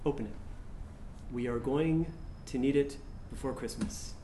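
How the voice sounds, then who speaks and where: A man playing an anxious young husband about to become a father, stammering and halting with nervous laughs, in a live staged play reading. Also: medium pitch, warm tone, close to an everyday voice. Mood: tender. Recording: echoey live room, faint hiss.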